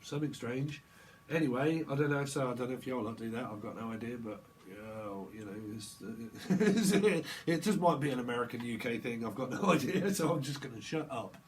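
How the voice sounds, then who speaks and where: A man talks through a tarot reading off the cuff, in a medium-pitched voice. He rambles and jokes, slipping into little acted-out conversations. A faint noise sits behind him. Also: animated, a little fast. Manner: rambling, joking, acting out imagined dialogue in voices; frequent fillers and laughter. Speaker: tarot reader.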